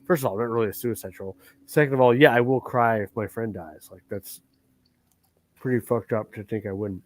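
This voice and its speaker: A man's voice: mid-range voice, fairly quick, dry recording. A man hosting a livestream, ranting in a heated, profane and rambling way. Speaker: livestream host.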